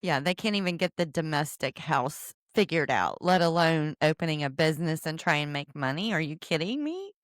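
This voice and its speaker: Relaxed woman co-host, a touch low-voiced, agreeable and giggly; dry, close recording. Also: normal speed, few pauses, dry recording. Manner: easygoing, laughs often, agreeable. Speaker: podcast co-host. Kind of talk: casual recap chat.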